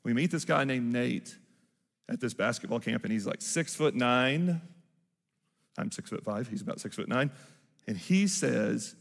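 Male pastor, gravelly mid voice, storytelling sermon in a reverberant hall with music. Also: medium pitch, animated, unhurried. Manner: storytelling, acts out quoted voices. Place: large church hall.

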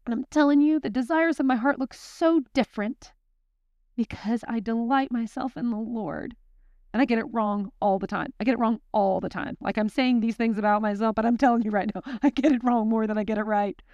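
A woman's voice: a little high, fairly quick, darkish tone, no echo, muffled recording. A young woman teaching a Bible study, talking in a chatty, intense, self-deprecating way, then praying over the group. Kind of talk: sermon with closing prayer.

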